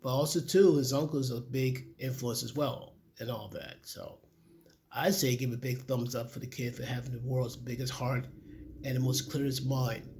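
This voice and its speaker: A man's voice: mid-range voice, steady tone, normal speed, darkish tone, a little hiss or hum. A man hosting his channel, reacting to a video with earnest, slightly preachy commentary and addressing his viewers as folks. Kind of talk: casual commentary.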